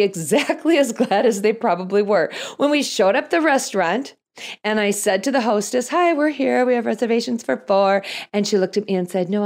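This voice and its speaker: A middle-aged woman hosts a podcast and tells her own story. She is wry and self-deprecating as she builds toward a lesson from Scripture. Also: medium pitch. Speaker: podcast host. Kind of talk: storytelling podcast with Bible teaching.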